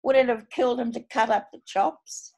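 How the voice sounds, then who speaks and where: A woman's voice: fairly high pitch, steady tone, normal speed, creaky, darkish tone. An Australian woman voicing a blunt older wife who puts on a sweet voice, then swears and complains in her broad talk. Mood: indignant.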